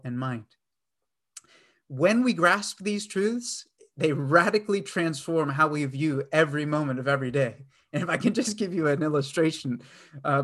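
A man's voice: a little high, fairly bright tone. A middle-aged man preaching a sermon in an earnest way, with frequent fillers and restarts. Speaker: pastor.

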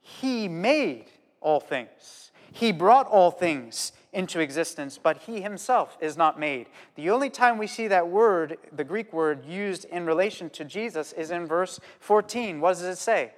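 Guy preaching a sermon, bit high voice, earnest and animated, long echo from the hall. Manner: earnest, animated storytelling with pauses.

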